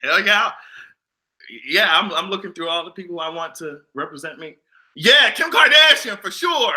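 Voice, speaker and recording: A man giving casual pop culture commentary and reacting to a live chat, profane and loud, often bursting into laughter and shrieks. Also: sits high, lively intonation, moderate pace.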